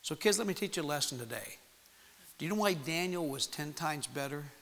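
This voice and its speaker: A man preaching, telling a personal story to young people in an animated way and acting out the voices in it. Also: on the high side, brisk, gravelly. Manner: animated storytelling with acted-out quotes. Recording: long hall reverb.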